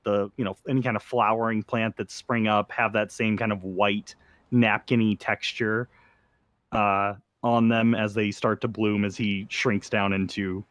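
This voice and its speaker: A man's voice: fairly low pitch, fairly bright tone, no room sound. A man narrating as game master in a tabletop game, casual and full of fillers.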